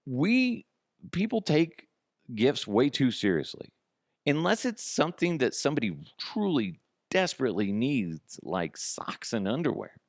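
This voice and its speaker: On a comedy podcast, the male host meanders through a casual monologue full of asides and liberal swearing. His medium-pitched voice has a sing-song lilt and a measured pace, captured in clean studio sound with no echo.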